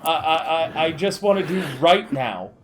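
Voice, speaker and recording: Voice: mid-range voice, lively intonation, normal speed, slight background noise, close to an everyday voice. Give me a game master playing a pleading, panicky young prince who stammers. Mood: anxious. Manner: stammering, begging, crying out.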